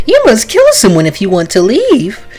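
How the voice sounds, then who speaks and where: A streamer reading a game aloud and voicing a gleefully cruel cartoon bear mastermind with a high, bouncy, sing-song delivery. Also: wildly swooping pitch, unhurried, darkish tone, faint music behind. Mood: gleefully menacing.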